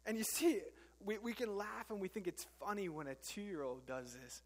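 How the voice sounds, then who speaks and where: A man's voice: high-pitched, lively intonation, normal speed, long reverb tail. A man preaching a sermon as pastor, earnest and conversational, with frequent fillers and restarts.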